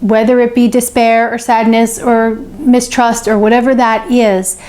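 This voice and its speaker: Woman, fairly high voice, self-help host, encouraging, repeats phrases, checks in with the viewer. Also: flat delivery, measured pace, a little mellow. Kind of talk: teaching to camera, answering a viewer.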